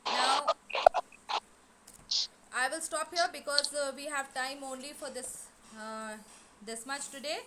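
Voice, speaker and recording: A woman teaching a grammar lesson, explaining slowly and repeating key words. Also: sits high, fairly even intonation, background noise. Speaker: English teacher. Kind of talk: online class lesson.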